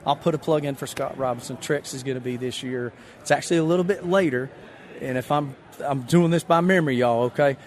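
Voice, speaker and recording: A man's voice: medium pitch, brisk. A man with a Southern US accent, a magician chatting in an interview, rambling and self-deprecating as he tells folksy stories. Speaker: magician guest. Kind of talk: casual interview chat.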